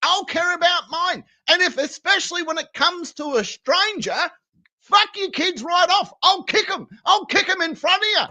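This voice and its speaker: A man with an Australian accent riffs crudely on a stream, loud one moment and muttering the next. His voice is bright and sharp and jumps all over in pitch. He swears constantly. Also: expressive, normal speed. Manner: profane, rowdy, swings between loud rants and low mumbles. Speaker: streamer reacting to videos. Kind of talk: crude comedic rant.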